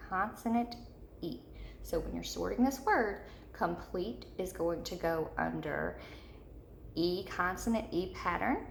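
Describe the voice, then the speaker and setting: A woman teaching a third-grade spelling lesson, patiently repeating each word slowly for young children. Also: lowish voice, gravelly, a bit bright. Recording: echoey room with faint noise.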